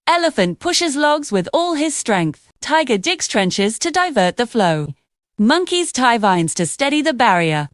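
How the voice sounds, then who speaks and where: A woman narrating a children's cartoon story with expressive, storytelling delivery. Her voice sits a little high and moves lively up and down. The sound is dry and close. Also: dry recording.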